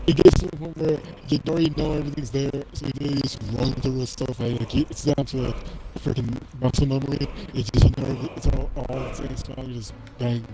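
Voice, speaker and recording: A man's voice: medium pitch, heavy background noise. A man chatting casually as a guest, rambling on with lots of fillers and restarts. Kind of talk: casual chat.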